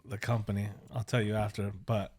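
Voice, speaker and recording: A man's voice: fairly low pitch, level tone, brisk, darkish tone. A man hosting a podcast in casual chat, laid-back and slangy. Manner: laid-back, slangy, calls people bro and dude. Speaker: podcast host.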